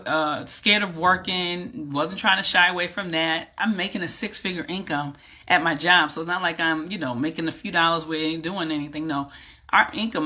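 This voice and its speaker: Speaking to the camera like she's among friends, a middle-aged vlogger and business coach from New York shares her personal story with lively animation. Her fairly low-pitched voice has a bright, ringing quality.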